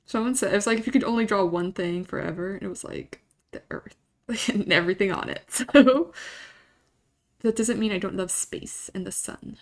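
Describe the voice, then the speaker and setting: A woman's voice: medium pitch, moderate pace. A woman streamer chatting casually to her live audience, rambling, emotional and often laughing, restarting her thoughts.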